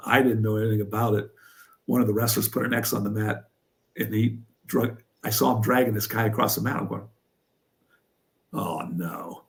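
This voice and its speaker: Gravelly man telling a funny story. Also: medium pitch. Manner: animated storyteller, laughs through punchlines. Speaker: interview guest, former wrestler and coach. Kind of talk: storytelling in a casual interview.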